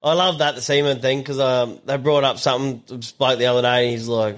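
A man joins the chat as co-host. His voice sits at a middle pitch, and he retells stories with laughter. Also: steady tone, fairly quick, hardly any pauses. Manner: laughing banter. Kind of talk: casual chat.

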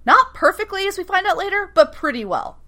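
A woman co-hosting a casual recap chat, animated and profane, acting out characters' lines as she goes. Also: very high-pitched. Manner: animated, swears freely, acts out lines in quick asides. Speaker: podcast co-host recapping a TV episode.

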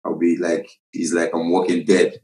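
A young Nigerian man with a low, deep voice talks earnestly as an interview guest, circling back over his phrases as he finds the words. He comes through a remote call that sounds roomy and echoey. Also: monotone, moderate pace, a little mellow. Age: young adult. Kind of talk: casual interview.

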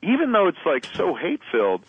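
A man's voice: fairly high pitch, wildly swooping pitch, fast, husky, no echo, phone-quality sound. A man co-hosting a podcast, riffing animatedly with mock quotes in casual chat. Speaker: podcast co-host.

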